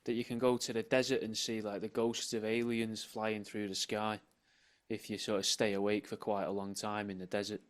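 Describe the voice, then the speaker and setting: A man, co-hosting a podcast and spinning absurd theories in a deadpan, casual way. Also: fairly low pitch, normal speed. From England. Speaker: podcast co-host. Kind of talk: casual chat.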